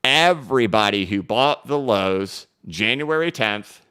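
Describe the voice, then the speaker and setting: The host, a man whose voice is smooth and on the low side, analyzes crypto markets on a live stream. Rapid, emphatic and energetic, he moves through charts and reads viewer questions aloud.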